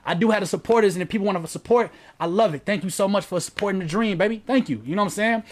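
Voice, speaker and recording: A man's voice: high voice, very fast. A man hosting a livestream in casual chat, slangy and profane, reading viewer comments aloud. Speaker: livestream host.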